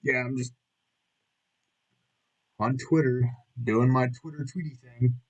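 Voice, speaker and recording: A man's voice: medium pitch, steady tone, slow, lo-fi sound. A middle-aged man rambling through a casual vlog monologue, jokey and self-mocking, with frequent swearing. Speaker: vlogger.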